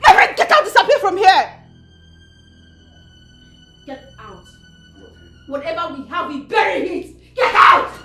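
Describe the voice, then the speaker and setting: An actress with a Nigerian accent playing an outraged young woman who shouts scornfully and tearfully at her mother, in a film scene. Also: very high-pitched, big pitch swings, a little fast, few pauses, soft background music. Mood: furious. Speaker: daughter confronting her mother. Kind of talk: Nollywood film acting.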